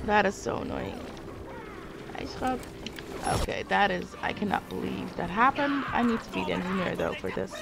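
A young woman commentating her live game stream, muttering quietly and then yelling at teammates. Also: mid-range voice, moderate pace, vocal fry, very noisy. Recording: game music behind voice.

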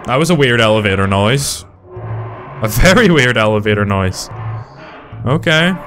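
A young man giving excitable, profane commentary while playing a horror game. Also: medium pitch, moderate pace, faint music behind. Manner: excitable, swears often, shrieks when startled. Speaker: gaming video host.

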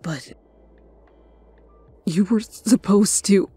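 A woman's voice: medium pitch, very slow, mellow, breathy edge, faint music behind, full character voice. A woman voicing a possessive, menacing young man in a whispered role-play, her delivery seething and biting. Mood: tender.

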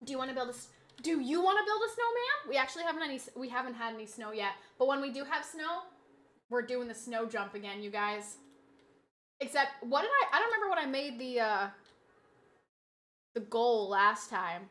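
A woman streaming a game live, bantering playfully with chat and reacting quickly to the action. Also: fairly high pitch, animated, fairly bright tone.

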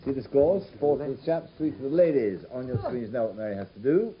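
A man hosting a studio charades game show, briskly calling contestants up and announcing scores. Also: medium pitch, animated. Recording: dull old television studio sound with audience.

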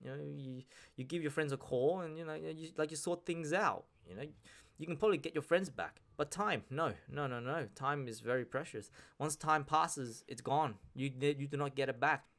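A man's voice: a little high, moderate pace, a bit bright. A man hosting a podcast, ranting in a casual monologue, swearing and repeating himself as he presses his points. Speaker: podcast host.

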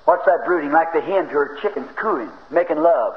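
A man preaching a fervent sermon, swinging from shouted exclamations to low, folksy storytelling. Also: expressive, fairly quick, few pauses. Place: church. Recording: roomy, dull 1950s church tape with faint hiss.

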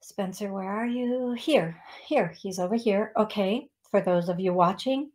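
A woman's voice: mid-range voice, unhurried, darkish tone. A woman hosting a radio call-in show as a psychic medium, talking in a chatty way with many restarts and ums.

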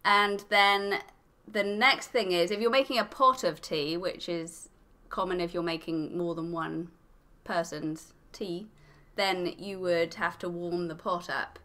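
A woman from England with a mixed English accent, a podcast guest explaining things clearly and matter-of-factly. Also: on the low side, steady tone, measured pace, few pauses, pushed and bright. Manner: clear, matter-of-fact instructing. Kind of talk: explaining, casual chat.

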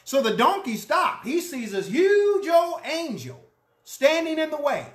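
A pastor delivers a storytelling sermon, voicing each character's lines as they come up. The pitch swings widely from phrase to phrase. The voice rings with the echo of the room. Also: unhurried. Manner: animated, acts out the characters' lines. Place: church.

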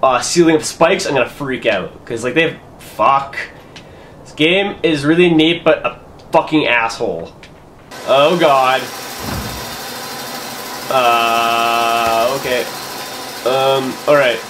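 A man's voice: medium pitch, takes it slowly, pauses often, noisy background. A young man giving casual let's-play commentary, muttering to himself and swearing often in frustration. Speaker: gaming commentator.

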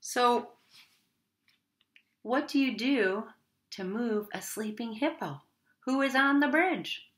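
A woman reading a picture book aloud to children in a gentle, teacherly way. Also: a little high, expressive, takes it slowly, long pauses. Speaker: children's story reader.

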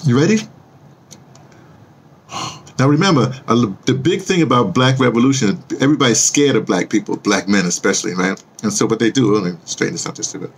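This man, a vlogger and audio drama producer, has a lowish, brisk voice with some vocal fry, and there's slight background noise. He rambles casually to his viewers, restarting sentences often and teasing them with questions.

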